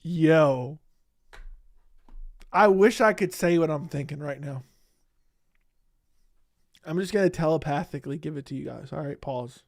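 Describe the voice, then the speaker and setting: Profane indignant livestream host. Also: male voice, on the high side, measured pace, long pauses. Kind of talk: casual livestream commentary.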